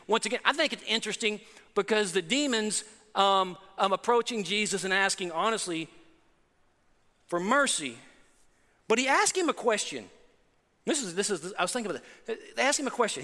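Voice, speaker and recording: A man's voice: sits high, expressive, normal speed, pushed and bright, big-room sound. A male pastor preaching a sermon in a church, emphatic and repetitive.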